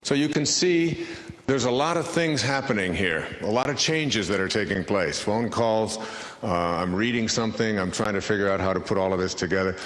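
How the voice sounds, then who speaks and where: A man with a lowish voice tells a story to an audience, his pitch rising and falling freely. He talks in a wry, chatty way, and his voice rings through a large hall with a long echo. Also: lively intonation, moderate pace, fairly bright tone. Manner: anecdotal, wry, conversational. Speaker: spiritual speaker and author.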